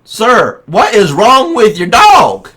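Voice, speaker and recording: A man's voice: high-pitched, very animated, takes it slowly, sharp tone, voice pushed up, full character voice. A man voicing a worried male salesman who keeps asking anxious questions. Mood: alarmed. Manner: raised, pleading questions. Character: worried pushy male salesman at a farm door.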